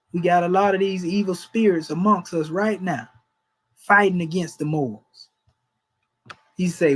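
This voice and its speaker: A religious teacher with a high-pitched voice preaches informally in a folksy, emphatic style, chuckling between points. The recording is rough.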